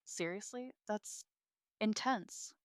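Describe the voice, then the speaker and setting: A woman's voice: medium pitch, slow, clean tone, dry recording, studio quality, voice pushed up, lightly acted. A woman voicing a hesitant young male coworker in a story read aloud. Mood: wary.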